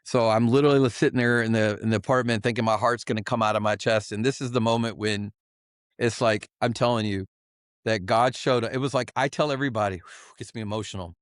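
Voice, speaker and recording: A man's voice: medium pitch, fairly even intonation, fast, dry recording, studio quality. A man guest on a podcast giving an emotional, earnest personal testimony, often restarting and repeating himself.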